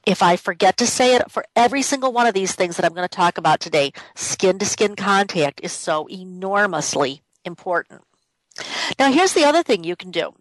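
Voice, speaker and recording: Warm-up-free radio host: a woman talking in a dry, close voice, casual and emphatic. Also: medium pitch, no echo, low-quality recording. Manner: emphatic, repeats key points. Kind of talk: conversational radio talk. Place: home office.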